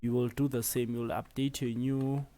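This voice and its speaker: A South African man giving a relaxed step-by-step tutorial, with many fillers as he explains. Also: medium pitch, moderate pace. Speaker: tutorial presenter. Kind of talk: screen-recorded tutorial.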